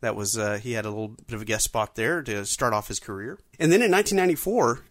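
A man's voice: lowish voice, animated, fast, no room sound. A man hosting a podcast, talking casually with frequent fillers and restarts. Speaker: podcast host.

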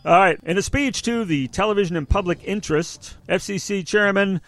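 A man's voice: high voice, fairly quick, fairly bright tone, no echo. A man in his sixties hosting a casual podcast chat, rambling and laughing at his own asides. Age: 60s. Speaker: podcast host.

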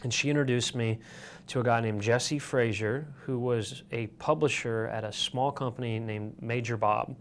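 A man's voice: medium pitch, fairly even intonation, moderate pace, a little hiss or hum. A man from Michigan telling stories as an interview guest, rambling with fillers and restarts. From Michigan, USA. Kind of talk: casual storytelling.

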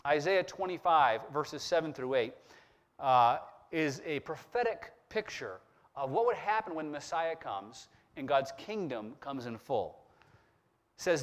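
A man preaching a sermon, reading scripture slowly and with emphasis between plainer explanations. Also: medium pitch. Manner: expressive preaching, slowing down on scripture quotes. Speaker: pastor.

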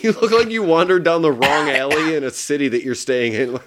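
A man from the United States hosting a horror podcast in casual, profane, joking chat with sudden loud outbursts. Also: fairly high pitch, fairly quick, background noise. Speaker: podcast host.

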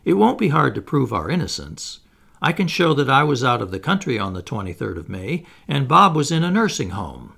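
A man voicing a plump middle-aged gentleman who stammers a little and picks his words. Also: medium pitch, big pitch swings, fairly quick, vocal fry, exaggerated voice. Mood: reassuring. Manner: stammering, picking words, pleasant.

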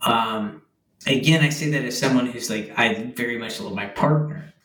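A man's voice: medium pitch, normal speed, a bit bright. A young man speaking as an interview guest about becoming a father, rambling with many fillers and frequent laughs. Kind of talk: casual conversational interview. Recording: roomy, from a distance.

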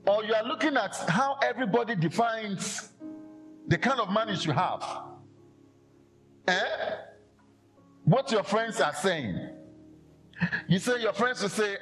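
A man preaching a lively sermon, acting out quoted voices and laughing often. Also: high-pitched, measured pace, pauses often, faint music behind.

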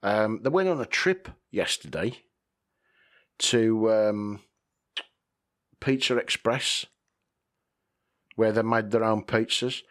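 A man's voice: fairly low pitch, animated, slow pace, pauses often. A man hosting a podcast, rambling casually, swearing freely and chuckling often. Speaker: podcast host.

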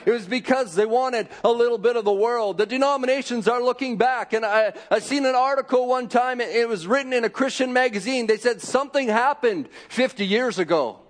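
A man preaching a fervent sermon, repeating phrases and rising to shouts. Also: very high voice, fairly quick, hardly any pauses.

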